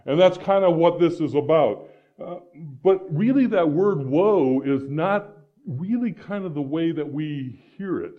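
A man's voice: fairly high pitch, a little slow, phone-quality sound. A man from Iowa preaching a conversational sermon as pastor, with frequent restarts and "right?" asides. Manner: conversational, many restarts and tag questions.

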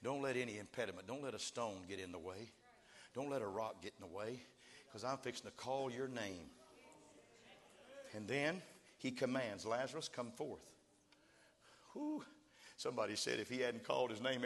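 Pastor preaching loud, bright sharp voice, echoing big hall. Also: male voice, mid-range voice, a little fast. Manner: shouting, emphatic preaching that builds to cries. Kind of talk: sermon.

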